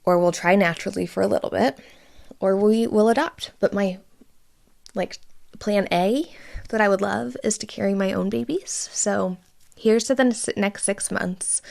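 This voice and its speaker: A young woman hosts her own podcast in a loose, chatty solo talk. Her voice has a gravelly fry at mid pitch. She swears freely and sounds emotional, close to tears. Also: a little mellow. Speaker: podcast host. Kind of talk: casual solo podcast update.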